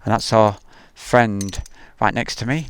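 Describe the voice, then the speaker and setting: A man's voice: lowish voice, a little slow, a little hiss or hum. A man hosting a casual outdoor live stream, rambling chattily and reading viewer messages aloud. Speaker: livestream host. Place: outdoors at an airfield.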